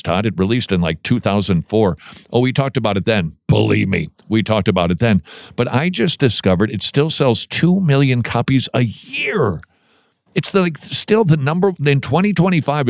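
A man's voice: mid-range voice, no room sound, clean studio sound. A man hosting Christian commentary, reading news items and answering them in an earnest, emphatic, preacherly way.

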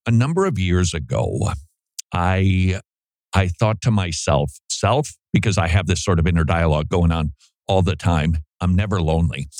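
A man with a lowish voice hosts a talk show, speaking animatedly and jumping into quoted voices. The sound is dry and close, with no room around it. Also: normal speed, a little mellow, no room sound. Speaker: podcast host. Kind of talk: casual commentary.

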